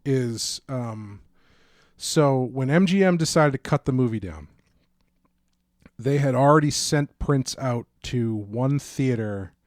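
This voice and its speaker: A man's voice: mid-range voice, slow pace, darkish tone, no room sound, studio quality. A man co-hosting a podcast, chatting casually about an old film in a rambling way, full of restarts. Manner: rambling, restarts, acts out quotes. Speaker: podcast co-host.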